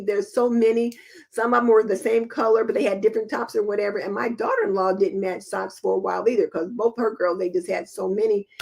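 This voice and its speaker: A woman's voice: fairly high pitch, vocal fry. A middle-aged woman hosting a home show in casual live-stream chat, reading viewer comments and answering in a chatty, homey, practical way. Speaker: host.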